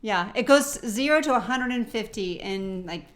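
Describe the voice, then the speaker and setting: A woman's voice: on the high side, expressive, moderate pace. A woman co-hosting a casual live-stream chat, chatty and reading viewer comments aloud. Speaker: co-host.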